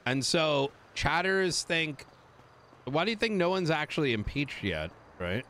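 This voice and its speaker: A man's voice: a little high, big pitch swings, a little slow, fairly bright tone, a little hiss or hum. A man streaming, casually explaining things to his chat with many fillers.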